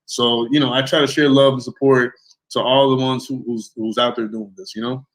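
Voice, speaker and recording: An easygoing man hosting a casual interview, speaking at a middle pitch in a relaxed, unhurried way. He drifts through his sentences with plenty of fillers. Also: rough recording. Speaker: interview host.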